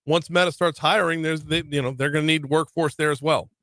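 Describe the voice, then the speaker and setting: A man hosting a radio talk show, chatty and energetic, often repeating words as he starts a sentence. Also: fairly high pitch, a little fast, dry recording. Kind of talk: radio interview.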